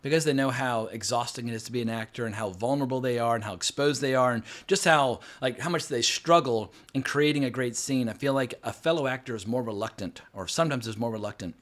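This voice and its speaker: Fast-talking frank man reviewing a film. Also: medium pitch, fairly bright tone. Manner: rambling, frank, with frequent fillers and profanity. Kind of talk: casual spoken film review. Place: home, New York City.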